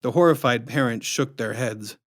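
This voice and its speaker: A man reading his own storybook aloud with expressive, dramatic narration. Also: mid-range voice, normal speed, dry recording, studio quality.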